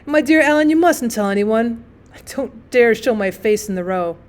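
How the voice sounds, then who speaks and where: A woman voicing a luckless young gentleman who speaks in a sulky, flustered way. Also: on the high side, expressive, moderate pace, close to an everyday voice.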